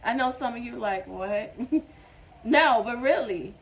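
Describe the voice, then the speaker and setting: A woman gives an informal devotional talk to her online viewers, her voice a touch higher than most. She speaks earnestly and rises into emphatic exhortation as she preaches. It sounds like a webcam or phone livestream. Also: expressive, moderate pace, a little hiss or hum, rough recording. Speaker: host of a faith-based singles show.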